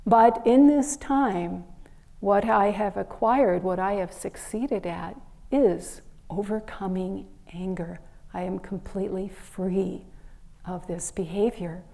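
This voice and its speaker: Brief: soft-spoken male hermit, slow and gravelly, read by a woman storyteller. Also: medium pitch. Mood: calm. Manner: quiet and measured, then roaring. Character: male spiritual seeker, calm hermit returning from solitude.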